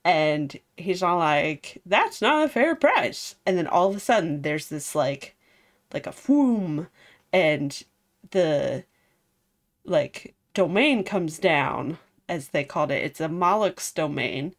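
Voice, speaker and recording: Woman rambling thru a game recap, super lively up and down voice, lots of "like". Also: deep voice, slow. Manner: chatty, rambling, lots of fillers. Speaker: game streamer.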